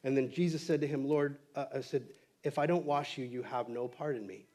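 A man's voice: medium pitch, fairly even intonation, fairly quick, warm tone. A male pastor preaching a sermon in a casual, conversational way, acting out quotes from the text with lots of fillers.

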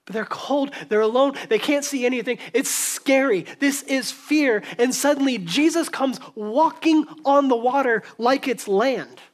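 A man pastor preaching a sermon in a church, telling the story conversationally, acting out voices and dropping to a hushed tone. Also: extremely high pitch, a little slow, few pauses.

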